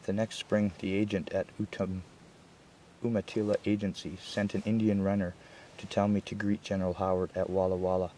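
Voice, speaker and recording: A man reading a historical first-person account aloud in a slow, measured, steady way. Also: low voice, a little hiss or hum. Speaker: reader.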